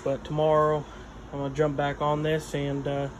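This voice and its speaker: A man's voice: on the high side, completely flat delivery, normal speed, noisy background. Breathless, rambling man in his garage. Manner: rambling, filler-heavy, talks while wrenching. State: out of breath at times. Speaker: garage vlogger. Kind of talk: casual work-along narration. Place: home garage.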